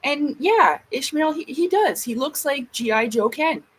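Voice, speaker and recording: A woman's voice: high voice, animated, a little slow, poor audio. A woman vlogger in a casual ranting monologue, blunt and emphatic, swearing heavily.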